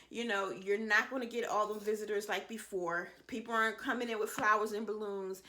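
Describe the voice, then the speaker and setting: A woman's voice: mid-range voice, steady tone, brisk, pushed and bright. A woman in her thirties giving casual, reassuring advice to other mothers in a vlog, peppered with "you know" and promises. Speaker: vlogger, mother of seven.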